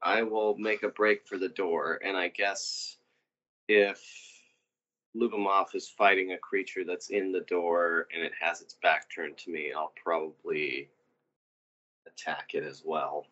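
A man's voice: low-pitched, flat delivery, unhurried, sharp tone. A man playing a tabletop game casually, with dry self-mocking remarks. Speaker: player. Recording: dull lo-fi recording.

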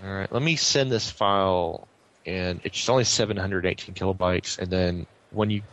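A man narrating as game master of a tabletop game over a voice call, relaxed and filler-heavy. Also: deep voice, moderate pace. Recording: slightly muffled online call audio.

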